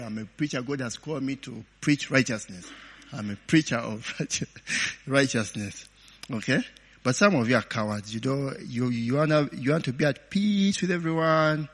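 A man's voice: on the high side, a bit bright. A man preaching a sermon in a chatty way, tagging lines with "eh?" and "okay?" and quizzing his audience. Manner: chatty, laughing asides, many "eh?" and "okay?" tags; call-and-response questions to the audience. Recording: long hall reverb.

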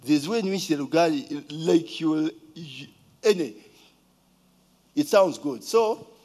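A man's voice: a little high, expressive, slow, a little mellow. A man with a Ugandan accent telling a casual story, asking rhetorical questions and now and then mimicking a child's voice.

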